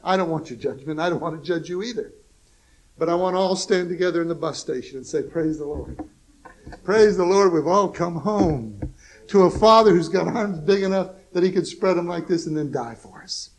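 Male preacher, fairly high voice, folksy and emphatic, soft asides against loud exclamations. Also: fairly quick, rough recording. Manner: chuckles at his own jokes. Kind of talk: sermon.

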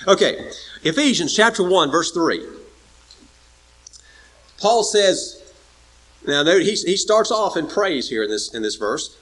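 A man delivers an evening sermon. His voice sits fairly high and swings widely in pitch as he repeats key words for emphasis. He keeps checking in with his listeners as he goes. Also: very animated, slow pace, pauses often, fairly bright tone, poor audio. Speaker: preacher.

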